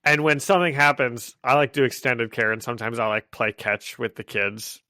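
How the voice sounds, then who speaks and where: A man's voice: medium pitch, pushed and bright, no echo. Rambling man with many "like"s, dry mic. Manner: rambling with many "like" fillers, quick to laugh. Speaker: podcast co-host. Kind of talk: casual chat.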